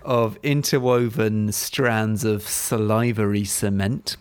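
A man co-hosting a casual podcast, dry and wry, slowing down to read out facts. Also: fairly low pitch, clear, resonant tone, no room sound. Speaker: podcast co-host. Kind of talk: casual chat.

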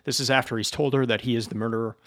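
A male teacher talks through a novel in a slow, reflective way, often stumbling and repeating words. His voice sits at a medium pitch. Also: steady tone. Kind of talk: informal book lecture.

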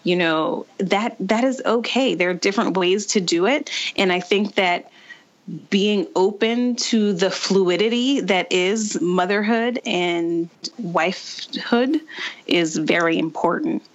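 Woman guest telling stories, frank and animated, does little voices for quotes, mid-pitched. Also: takes it slowly, highs cut off. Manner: candid, animated storyteller acting out quotes. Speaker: guest, physician and mother. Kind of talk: casual podcast conversation.

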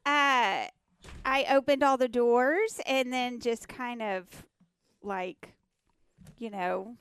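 Slow, hesitant woman radio co-host. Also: fairly high pitch, a bit bright, clear, resonant tone. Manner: hesitant, rambling storyteller with many fillers. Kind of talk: casual radio chat.

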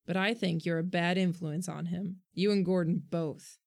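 A woman voicing a gentle, earnest boy who speaks firmly and thoughtfully in a storybook reading. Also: fairly low pitch, fairly even intonation, normal speed, gravelly. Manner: gentle but firm, earnest.

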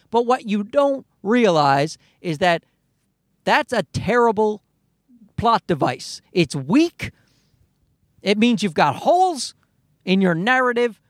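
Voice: mid-range voice, no echo, clean studio sound. A podcast host ranting casually, swearing often and restarting sentences. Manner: profane, ranting, many restarts.

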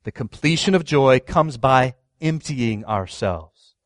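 A man in his thirties, a pastor preaching a sermon, asking the congregation questions and swinging from loud stress to hushed words. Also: medium pitch, animated, slow pace, no echo, studio quality.

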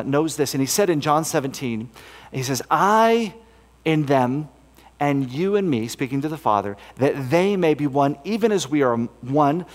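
A man speaking as a missionary at a camp meeting, telling a story in an earnest, folksy way with many fillers and restarts. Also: mid-range voice. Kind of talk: storytelling sermon talk. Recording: long hall reverb.

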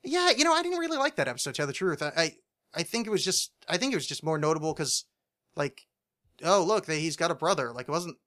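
A young man chatting on a podcast, his voice a little high and very bright. He rambles, jokes and restarts his sentences often while talking about a TV show. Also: sing-song, fast. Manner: rambling, joking, many restarts. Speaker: podcast co-host. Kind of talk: casual chat about a TV show.

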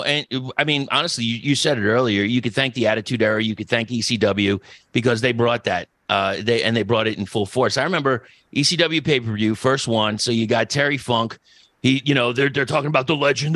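A middle-aged man talks in a loose, rambling podcast chat, swearing freely and getting carried away with enthusiasm. His voice sits at an ordinary pitch. The sound is close and dry. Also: sharp tone, no echo. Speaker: podcast host.

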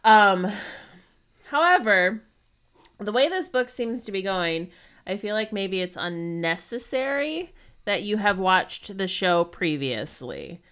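A woman's voice: mid-range voice, lively intonation, slow, a bit bright, clear, resonant tone. A woman co-hosting a podcast, chatting casually in a rambling, giggly way. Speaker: podcast co-host. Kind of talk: casual chat.

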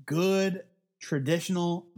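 A woman co-hosting a comics podcast in easygoing casual chat, quick to laugh. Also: on the low side, fairly even intonation, darkish tone. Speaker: podcast co-host.

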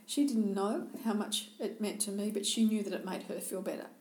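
Sex: woman. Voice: gravelly, warm. Style: candid storytelling in a room with echo. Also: medium pitch, fairly quick. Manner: candid, self-deprecating storyteller. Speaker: co-host. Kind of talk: casual chat, personal anecdote. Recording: roomy echo.

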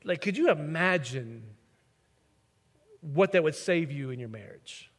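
A man preaches a sermon, mixing scripture with stories and acting out quoted voices. His voice sits high for a man. The sound carries the long reverb of a large hall. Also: animated, a little slow. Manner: storytelling, acts out quoted voices. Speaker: pastor.

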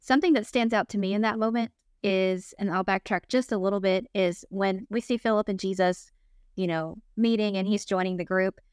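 A woman's voice: medium pitch, steady tone, a little fast, a little mellow, smooth, dry recording, studio quality. A woman sharing her thoughts enthusiastically in a Bible discussion. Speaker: discussion participant.

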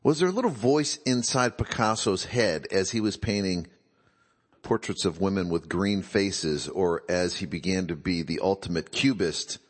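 A man's voice: deep voice, normal speed, husky, in a large hall. A man giving a reflective talk, musing aloud and posing rhetorical questions.

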